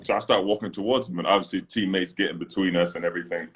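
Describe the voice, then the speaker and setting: A deep-voiced British man, a former pro basketball player co-hosting a casual livestream chat, races through animated stories, acting out quotes and laughing often. He's picked up by a phone on the live video stream.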